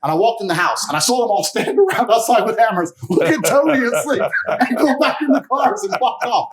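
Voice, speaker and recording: Cocky guy on a podcast swearing and bragging, kinda high voice, laughs a lot. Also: animated, fairly quick, over a noisy crowd. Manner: brash, profane, boastful, laughing often. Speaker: podcast guest. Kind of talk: casual storytelling chat.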